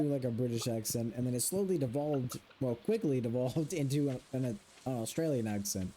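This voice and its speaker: Playing a farming game on stream, this young man talks casually with his chat and keeps mimicking a villager's grunt for fun. He speaks fairly quickly in a mid-range, dark-toned voice, barely pausing at all.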